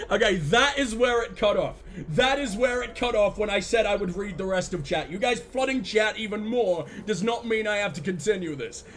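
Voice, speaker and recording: A man's voice: sits high, a little hiss or hum. A man streaming a game, bantering crudely and jokingly with his chat. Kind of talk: live-stream game commentary.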